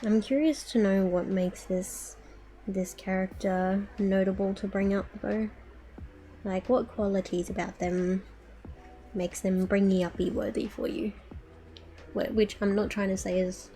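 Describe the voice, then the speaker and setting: A woman's voice: mid-range voice, fairly even intonation, normal speed, dark tone, slight background noise. A woman streamer chatting casually to her viewers while she crafts, muttering to herself with playful baby-talk words.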